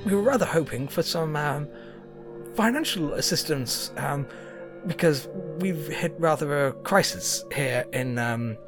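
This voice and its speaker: A fussy, gushing chancellor with a put-on French accent, as a woman puts her on, her voice swooping lively up and down. Courteous and halting, full of ums. It sounds like a lo-fi call with music playing clearly behind. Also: low voice. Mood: pleading. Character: polite, fussy female chancellor of a fantasy nation.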